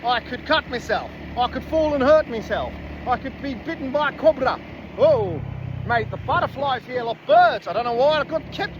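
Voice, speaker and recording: A man's voice: very high-pitched, lively intonation, normal speed, dull audio. A man chatting casually as a travel vlogger while riding a moped outdoors, rambling and joking about himself, sometimes drifting into a put-on accent. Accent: put-on Australian-style accent at times. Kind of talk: casual vlog chat. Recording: noisy outdoor camera audio. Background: engine and jungle noise.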